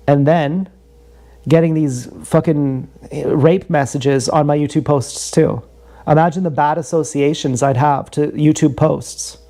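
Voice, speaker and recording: A man's voice: a little high, dark tone. A young man telling a rambling, profane, joking story on a livestream, often repeating himself.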